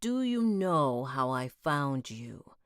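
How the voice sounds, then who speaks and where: A woman's voice: very deep voice, sing-song, slow, smooth, no echo, studio quality, full character voice. A woman voicing a fat, cold male loan shark boss who pronounces every syllable, in an audiobook reading. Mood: cold menacing.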